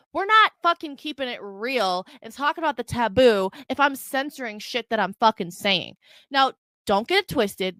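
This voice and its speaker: Brash young woman host, fairly high and very bright voice, dry close sound, swearing freely. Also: no room sound. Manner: brash, profane and unfiltered. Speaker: podcast host. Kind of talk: casual solo podcast rambling. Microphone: desk mic on a video stream.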